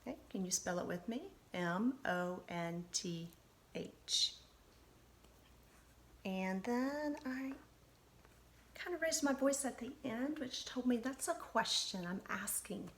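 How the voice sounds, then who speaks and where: A woman's voice: on the high side, expressive, fairly bright tone, slight background noise. A woman teacher giving a spelling lesson to young pupils, spelling out letters one by one with patient encouragement. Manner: slow, deliberate dictation, spelling out letters one at a time.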